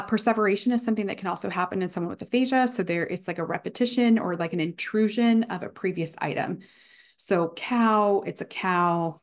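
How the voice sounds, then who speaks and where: A young woman giving a casual university guest lecture, with many fillers, now and then acting out examples of speech errors. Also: lowish voice.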